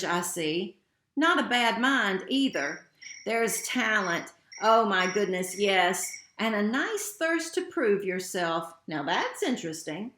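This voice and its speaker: A woman voicing a talking magic hat, old, musing and sly, murmuring slowly and ponderously in a roomy echo. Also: mid-range voice, a bit bright.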